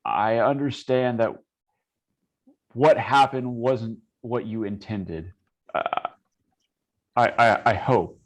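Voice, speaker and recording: A man voicing a wary, professional woman sailor who speaks politely and haltingly, with many stops and restarts. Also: medium pitch, lightly acted.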